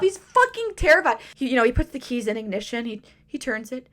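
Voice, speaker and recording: Lively high-voiced woman telling a story. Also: fairly quick, hardly any pauses. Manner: animated, dramatic storytelling. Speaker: podcast host. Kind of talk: casual storytime podcast.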